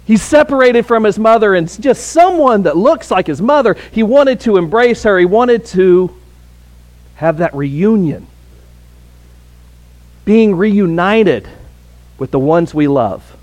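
A man's voice: sits high, lively intonation, unhurried. A pastor preaching an earnest sermon to his congregation, often restarting and repeating words.

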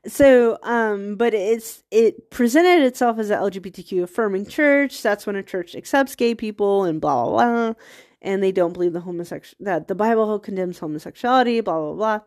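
A woman's voice: medium pitch, expressive, moderate pace, a little mellow. A woman hosting a podcast, talking in a rambling casual monologue with laughing asides, a bit stuffy from a cold. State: has a cold, occasional coughs. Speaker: podcast host.

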